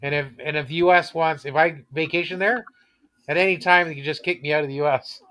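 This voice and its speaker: Canadian man, casual talker, slightly higher register, quick laughs mid-sentence. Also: fairly even intonation, fairly bright tone, a little hiss or hum. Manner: chatty, laughs often, restarts sentences. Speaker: chat participant. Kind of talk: casual chat.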